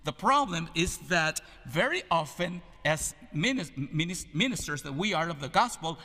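A man with a Latin American Spanish accent, a native Spanish speaker, preaching an earnest, measured sermon with rhetorical questions. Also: a little high, lively intonation, sharp tone. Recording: hall reverb.

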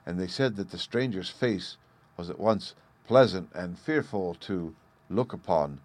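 Low-voiced man reading a storybook. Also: lively intonation, measured pace, darkish tone, no echo. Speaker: audiobook narrator. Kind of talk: scripted narration.

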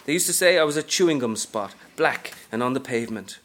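A man's voice: mid-range voice, animated, brisk, fairly bright tone, close to an everyday voice. Guy reading as a brassy older street hustler lady, sassy and streetwise. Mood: wisecracking. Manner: sassy, streetwise first-person storytelling. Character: brash aging female street hustler, wisecracking. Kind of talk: reading a novel aloud to an audience.

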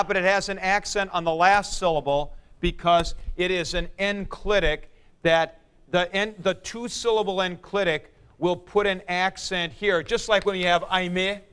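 A man teaching a Greek grammar class in a classroom, explaining slowly and calling on students by name. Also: high-pitched, a bit bright, smooth. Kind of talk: classroom lecture.

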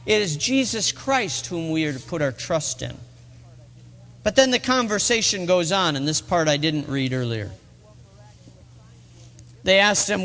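A man's voice: sits high, expressive, measured pace, pauses often, fairly bright tone. A middle-aged man preaching a sermon in a church, telling the story earnestly and rising to emphatic peaks. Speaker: pastor. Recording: long reverb of a large hall.

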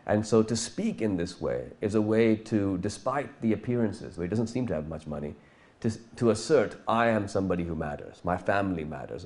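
A man's voice: low-pitched, dark tone. A man from Pakistan, an author giving a talk to an audience and taking questions, who explains thoughtfully at length with many restarts.

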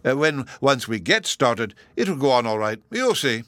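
A man voicing a mild, timid old professor who speaks meekly and haltingly. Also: medium pitch, sing-song, a bit bright, dry recording. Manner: meek, hesitant, halting.

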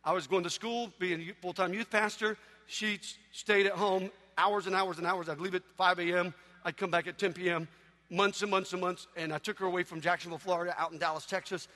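A man preaching a sermon in a church, telling humorous stories with animated delivery. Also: high-pitched, brisk, long reverb tail.

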